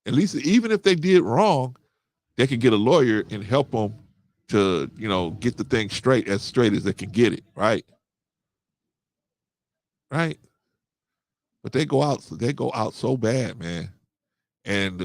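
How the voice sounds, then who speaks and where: A podcast host in his thirties or older tells a story during a casual talk, animated and quoting others while tagging lines with "man" and "right?" His voice is fairly low with vocal fry, recorded at studio quality with no room sound.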